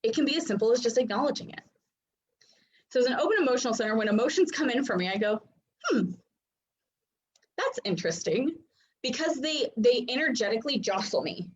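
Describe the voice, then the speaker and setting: A woman's voice: on the high side, lively intonation, quick pace. Chatty woman coach on a lo-fi call. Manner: chatty, filler-heavy, laughs often. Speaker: human design coach. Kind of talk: casual teaching talk. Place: home office.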